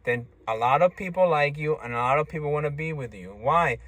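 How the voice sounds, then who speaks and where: Man, slightly high voice, rambling casual monologue, stammers and restarts, dry close sound. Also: a little fast, a bit bright, no room sound. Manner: rambling, repeats "right?" and "you see?".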